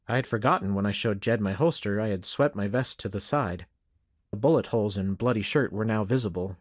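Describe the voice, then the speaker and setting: A man narrating a first-person western audiobook in a steady, measured way. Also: fairly low pitch, no room sound, studio quality.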